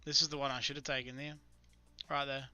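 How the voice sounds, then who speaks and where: A man's voice: mid-range voice, level tone, quick pace, pushed and bright, clean tone, faint music behind. A man chatting casually through a live trading stream, muttering to himself about his charts. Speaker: live-streaming futures trader.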